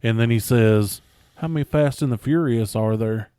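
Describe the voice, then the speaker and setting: A man co-hosting a podcast in casual chat, calmly recapping what he saw. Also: medium pitch, normal speed, clear, resonant tone, no room sound, studio quality. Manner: relaxed retelling of an interview. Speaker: podcast co-host.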